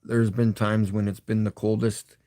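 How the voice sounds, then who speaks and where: A man's voice: lowish voice, flat delivery, normal speed, dark tone, no echo, clean studio sound. A middle-aged man with a Canadian accent, rambling and chuckling as he chats casually with his live-stream viewers. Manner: rambling, chuckling, talks to chat.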